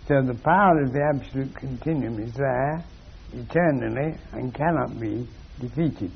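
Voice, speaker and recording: A man giving a slow, measured spiritual lecture with long pauses. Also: mid-range voice, gravelly, dull audio, crowd noise.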